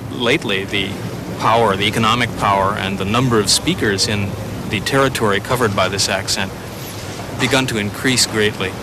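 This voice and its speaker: A man explaining at length in an interview, pausing with fillers and restarting phrases. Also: lowish voice, noisy background. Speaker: language expert interviewee.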